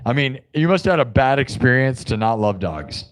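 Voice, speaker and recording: A man's voice: mid-range voice, big pitch swings, fairly quick. Goofy rambling male streamer. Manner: joking, rambling, swings into loud shouting. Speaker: live streamer and improvising musician. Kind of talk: casual live-stream banter.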